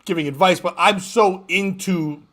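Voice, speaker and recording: A man's voice: high voice, moderate pace, fairly bright tone. A man hosting a comedy podcast, telling a rambling story in casual chat, laughing often and acting out what people said.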